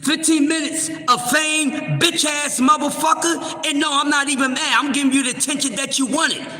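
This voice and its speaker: A man hosting a live stream, recapping a boxing press event and cursing out a troll in his chat in a heated, shouting manner. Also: extremely high pitch, steady tone, moderate pace. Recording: echoey room with long reverb.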